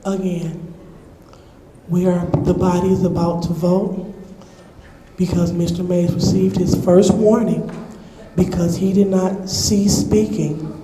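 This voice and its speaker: A woman chairing a public council meeting, measured and procedural, pausing and restarting as she calls the vote. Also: lowish voice, level tone, mellow. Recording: echoey council chamber with long reverb.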